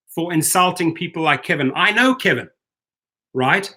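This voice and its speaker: Running a livestream for his rideshare driver channel, a man reads chat aloud and rants heatedly, with stammered restarts. His voice sits a little high and sounds animated, pushed, and bright, at a normal speed.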